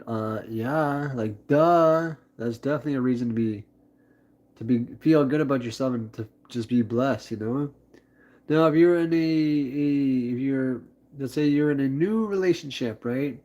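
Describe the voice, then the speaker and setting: A man's voice: fairly high pitch, a little mellow, lo-fi sound. Rambling upbeat man streaming live. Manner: rambling, upbeat, heavy on fillers. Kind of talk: casual live-stream chat.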